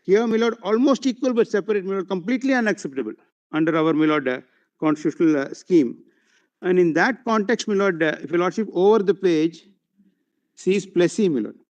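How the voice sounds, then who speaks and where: A man with an Indian English accent arguing a case before judges, deferential and halting, with frequent fillers. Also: high-pitched, a little mellow. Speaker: advocate. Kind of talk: courtroom legal argument. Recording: dull lo-fi courtroom audio feed.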